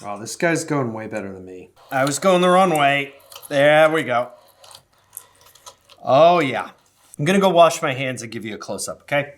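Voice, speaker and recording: A man's voice: mid-range voice, animated, normal speed. A man hosting a casual explainer video, chatting wryly with amused asides while demonstrating a kitchen gadget. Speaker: video essay host. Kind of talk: casual explainer with cooking demo.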